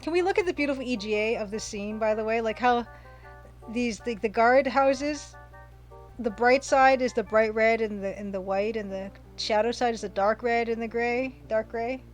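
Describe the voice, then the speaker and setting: A woman's voice: on the high side, fairly even intonation, normal speed, faint music behind. A woman casually commenting while streaming a retro game, chatting, reading viewer comments aloud and gushing over the pixel art.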